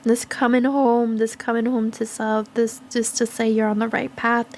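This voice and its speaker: A woman giving a gentle, slow spiritual card reading, speaking in soft, affirming phrases with pauses and fillers. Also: fairly high pitch, level tone. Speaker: tarot and oracle card reader.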